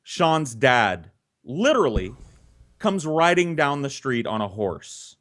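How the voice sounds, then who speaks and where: A man telling a story casually, animated and profane, laughing often. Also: medium pitch, slow. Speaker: podcast storyteller.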